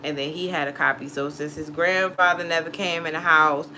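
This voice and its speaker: A woman's voice: low-pitched, fairly even intonation, a little fast, pushed and bright, a little hiss or hum. A woman who reads tarot, telling a personal story casually in a blunt, profane way, laughing often. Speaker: tarot reader.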